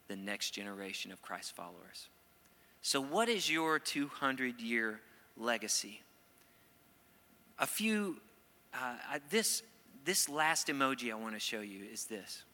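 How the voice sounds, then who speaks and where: Bright-voiced man preaching in a hall. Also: medium pitch. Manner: playful, acts out quoted voices, then earnest. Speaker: pastor. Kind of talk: sermon.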